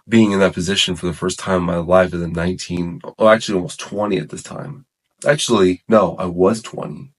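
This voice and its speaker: Deep-voiced man rambling through his testimony. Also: slightly rough. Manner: rambling, self-correcting, heavy on "like" and "man". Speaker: guest sharing his testimony. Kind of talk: casual testimony chat.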